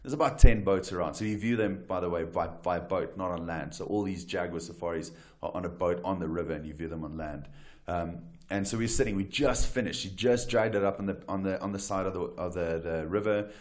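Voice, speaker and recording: A deep-voiced man from South Africa recounts wild adventures as a talk show guest. He talks in a casual, animated way, often restarting sentences and checking in with "right?". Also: a little fast. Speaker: wildlife guide and photographer, guest. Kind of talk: casual storytelling interview.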